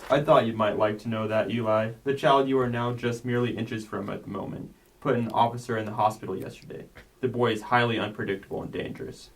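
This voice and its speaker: A man reading the part of a cold, calculating male government agent in a measured, warning tone. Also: medium pitch, steady tone, far from the mic, close to an everyday voice, low-quality recording. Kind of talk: script table read.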